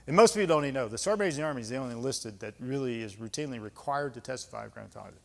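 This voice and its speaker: Gravelly American man in a reverberant hall. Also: mid-range voice, expressive, rapid-fire. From United States. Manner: blunt, conversational, emphatic, with folksy asides. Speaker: guest speaker, retired senior Army enlisted leader. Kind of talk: candid lecture Q&A storytelling. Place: club lecture hall.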